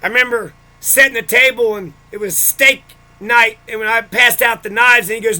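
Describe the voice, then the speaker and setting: Angry vlogger, male, high and bright voice, bitter and profane, rants straight to camera. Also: steady tone, normal speed. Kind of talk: angry personal rant.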